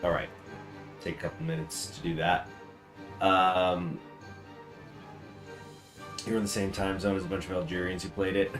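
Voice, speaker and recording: A man's voice: sits low, little pitch movement, moderate pace, long pauses, music in the background. Rambly male game streamer. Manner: rambling, chuckling asides, many fillers. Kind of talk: casual game commentary.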